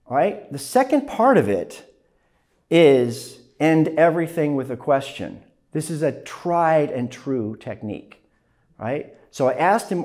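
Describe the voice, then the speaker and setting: A man teaching a class, lecturing in an animated way, often tagging his points with "right?". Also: fairly high pitch, measured pace. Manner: animated, frequent "right?" tags, acts out phone calls. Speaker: journalism instructor.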